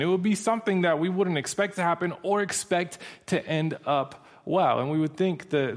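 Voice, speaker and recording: A man preaching a sermon in a humorous, conversational storytelling manner. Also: on the high side.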